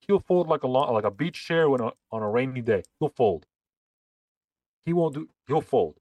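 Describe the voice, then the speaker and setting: Animated male podcast co-host. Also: medium pitch, normal speed, dry recording. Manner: animated storyteller, acts out quotes. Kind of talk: casual political chat.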